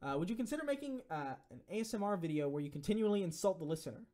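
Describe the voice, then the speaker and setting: A man's voice: sits high, animated, very fast, a little mellow. A young man streaming, reading donation messages and answering viewer questions in a rambling, profane, filler-heavy way. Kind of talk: casual live-stream Q&A.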